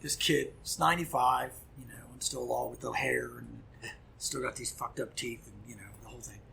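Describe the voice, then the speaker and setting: Gravelly man telling a rowdy story. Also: mid-range voice, fairly quick, slight background noise. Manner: animated, profane, acts out quoted dialogue. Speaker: podcast guest, punk musician. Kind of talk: casual storytelling chat.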